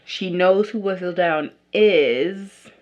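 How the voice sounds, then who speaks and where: While putting on makeup, a young woman vlogger chats in a rambling way, restarting often and saying "like" a lot. She speaks slowly in a fairly low voice, and the audio sounds dull.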